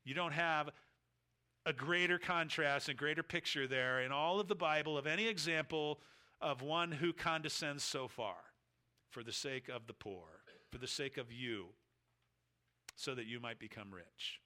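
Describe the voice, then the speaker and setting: A man preaching an expository sermon, emphatic, rising loud and dropping quiet as he acts out the disciples' thoughts and quotes scripture. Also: on the high side, unhurried. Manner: emphatic, swings between loud rises and quiet drops.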